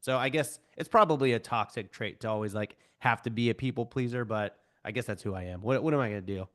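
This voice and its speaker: A man's voice: medium pitch, quick pace. A man in his thirties, a podcast guest, talking casually and animatedly, acting out the voices of people in his stories with self-deprecating humor. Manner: animated, self-deprecating storyteller who acts out quoted voices. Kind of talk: podcast interview.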